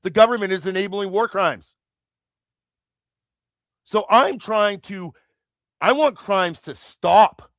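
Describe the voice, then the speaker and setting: Speaking slowly with frequent pauses, a Canadian livestream host with a high, fairly bright voice launches into an angry political rant. It's a dry, studio-quality recording full of swearing and rambling restarts.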